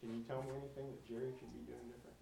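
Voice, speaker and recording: A man's voice: mid-range voice, flat delivery, rapid-fire, vocal fry, echoey room, distant mic, crowd noise, poor audio. A man telling children a folksy story with a moral, often asking them questions and imitating animal sounds. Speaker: storyteller teaching children a lesson.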